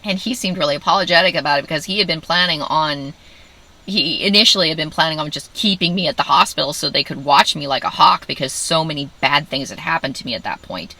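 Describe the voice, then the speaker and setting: Low-voiced woman telling a story. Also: rough recording. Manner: animated, quotes her own inner voice, self-mocking. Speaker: vlogger. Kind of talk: casual personal storytelling.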